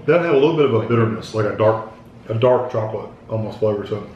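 A man's voice: on the low side, animated, fast talker, highs cut off. A man giving short, matter-of-fact comments during a casual chocolate tasting. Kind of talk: casual chat. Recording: echoey room, faint room noise.

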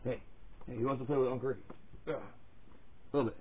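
A man's voice: medium pitch, fairly even intonation, quick pace, long pauses, a little hiss or hum. A man chatting playfully with his dogs at home while filming them, teasing them and swearing freely. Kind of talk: casual talk to pets while filming. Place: inside a home. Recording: tinny, phone-like sound.

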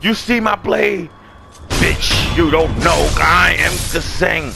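A young man casually commenting on his gameplay, loud and excitable, cursing and trash-talking the enemies. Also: on the high side, takes it slowly, gravelly, over music. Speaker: gaming channel host.

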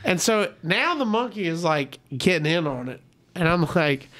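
High-voiced man telling a wild story. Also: normal speed. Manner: animated, acts out quoted voices. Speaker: podcast guest. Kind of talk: storytelling on a comedy podcast.

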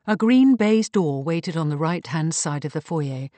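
A woman narrating a historical mystery audiobook in an even, measured reading. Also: sits low, no room sound. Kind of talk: scripted narration.

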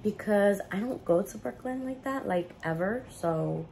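Slow, mellow-voiced New woman vlogger. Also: mid-range voice, lively intonation, a little hiss or hum. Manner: casual, slangy, chatting between bites. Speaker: food vlogger. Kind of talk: mukbang eating vlog.

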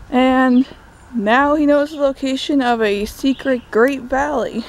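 A woman's voice: on the high side, a little slow, poor audio. Chatty young woman recapping outdoors. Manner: chatty, sarcastic asides. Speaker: book vlogger. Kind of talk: casual book recap while walking. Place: outdoors in woods.

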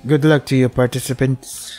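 A man's voice: mid-range voice, little pitch movement, normal speed, a little mellow, faint music behind. A young man playing a game, reading its text aloud with loose, joking commentary and frequent laughs. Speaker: let's play host.

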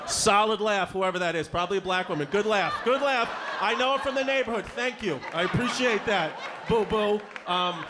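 A stand-up comedian from Brooklyn, New York, in his thirties, works a comedy club stage with a fairly high voice. Brash and profane, he fires off rapid jokes and does crowd work, and the live recording clearly picks up the audience laughing.

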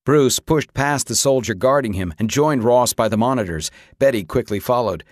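A man reading an audiobook with dramatic, expressive narration. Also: mid-range voice, moderate pace, dry recording, clean studio sound. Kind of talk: scripted narration.

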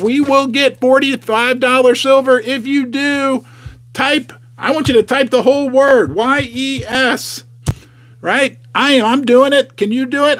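Animated middle-aged man with lively pitch. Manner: chatty, folksy and emotional, asks viewers questions. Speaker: host of a precious-metals investing channel. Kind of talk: casual livestream talk to viewers. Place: home basement.

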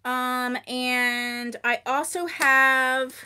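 Upbeat high-pitched female live-sale host, chatty and gushing, speaks up loudly on mic. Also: steady tone, very slow, slight background noise. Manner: chatty, gushing over products, answering viewers by name; tends to talk loudly. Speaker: wig seller hosting a live sale. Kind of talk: live-stream sales chat. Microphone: microphone.

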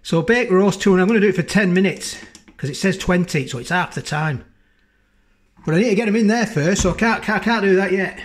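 A chatty man with a fairly high voice talks through a ready meal in his kitchen. He rambles, repeats himself and keeps ending lines with little tag questions. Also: lively intonation, brisk. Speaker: food reviewer. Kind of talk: casual food review vlog. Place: home kitchen, indoors.

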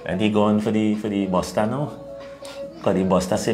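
A man's voice: on the low side, moderate pace, over music. A man with a Trinidadian accent, co-hosting an opinionated talk show and lecturing his listeners. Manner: animated, preachy, laughs at his own points.

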